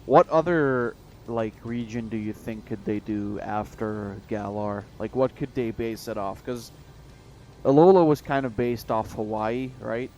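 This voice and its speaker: Streamer, male, low-pitched, profane and rambling, with halting restarts. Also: darkish tone, a little hiss or hum. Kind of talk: casual stream chat.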